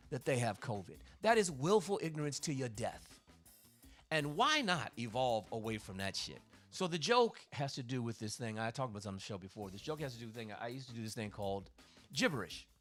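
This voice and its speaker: A man speaking at a middle pitch, a comedian riffing through a casual livestream monologue. He talks with force and swears freely. He circles back and restarts his thoughts as he goes, over faint background music. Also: fairly bright tone. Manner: profane, emphatic, rambling with restarts.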